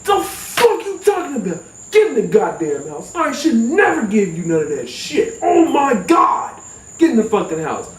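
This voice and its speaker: A man voicing his exasperated cousin, scolding loudly and cursing. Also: very high-pitched, very animated, fairly quick, hardly any pauses, recorded from a distance, slight background noise, pitched above the performer's own voice. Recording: roomy echo, off-mic.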